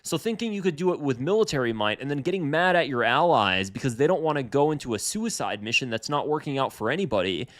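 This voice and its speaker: A man's voice: medium pitch, big pitch swings, fast, few pauses, fairly bright tone. A man giving heated political commentary on a news clip, often repeating himself and restarting his sentences.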